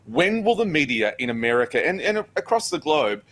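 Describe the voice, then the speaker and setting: A man's voice: on the high side, sing-song, a little fast, fairly bright tone. A man on a talk show panel, making an earnest argument in casual chat. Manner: earnest, builds an argument with filler restarts.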